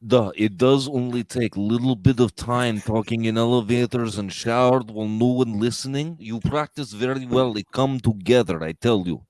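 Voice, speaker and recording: A man's voice: medium pitch, moderate pace, hardly any pauses, darkish tone, dry recording. A man hosting a casual interview, joking and laughing often. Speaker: podcast host.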